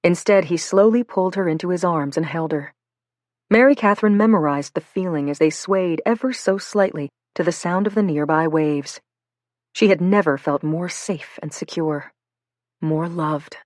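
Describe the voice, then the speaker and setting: A woman reading a novel aloud in an even, measured storytelling style, close to the mic. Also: fairly low pitch, dry recording. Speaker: audiobook narrator. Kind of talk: scripted narration.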